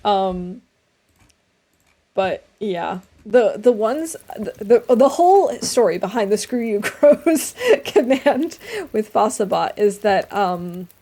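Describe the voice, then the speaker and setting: A young adult woman streamer chatting casually while playing a game, reading chat aloud and dropping quiet asides. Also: mid-range voice, expressive, takes it slowly. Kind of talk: casual gameplay commentary.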